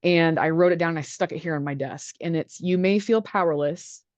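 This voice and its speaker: A woman's voice: lowish voice, a little fast, darkish tone, dry recording. A woman working as a patient navigator, speaking on a video call in a reassuring way. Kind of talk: earnest advice.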